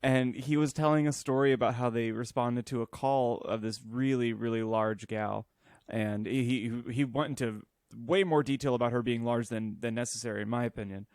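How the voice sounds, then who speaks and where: A man's voice: mid-range voice, steady tone, brisk, few pauses, a little mellow, dry recording. Man, podcast co-host, casual chat, rambling storyteller, dry voice. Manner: rambling storyteller, laughs often.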